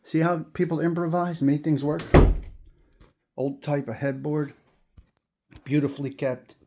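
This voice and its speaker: The recording is very noisy as a man with a voice on the high side gives a house tour, delivering his lines flatly at a measured pace. Walking between the rooms of an old house, he speaks to viewers with admiration and repeats himself.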